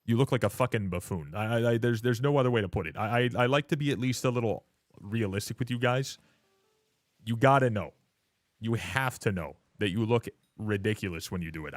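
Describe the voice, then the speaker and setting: A man's voice: fairly low pitch, no room sound, clean studio sound. A young man streaming live, ranting to his chat in a blunt, profane way and mocking other people in put-on voices. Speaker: livestreamer.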